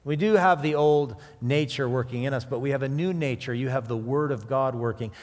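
A man preaching a sermon, mixing scripture with animated personal stories and jokes. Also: mid-range voice, a little fast. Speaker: pastor. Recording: long hall reverb.

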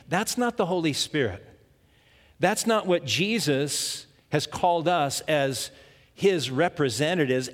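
A male pastor preaches with lively storytelling energy, repeating key words for emphasis. His voice sits a little higher than most men's. A long reverb from the church hall trails behind him. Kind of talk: sermon.

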